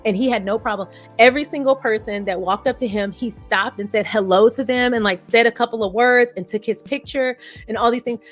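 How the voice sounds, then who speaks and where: Woman vlogging to her viewers, chatty and candid, laughs at herself, soft music under it. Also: on the high side, brisk. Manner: chatty, candid, self-deprecating storyteller. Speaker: commentary vlogger. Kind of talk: casual commentary talking to viewers.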